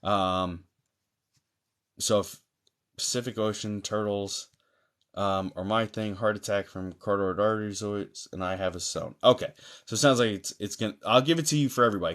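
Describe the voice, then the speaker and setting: A man with a low voice hosts a live mediumship stream. He greets viewers warmly by their usernames and reads chat comments aloud. He talks in a chatty way, full of fillers.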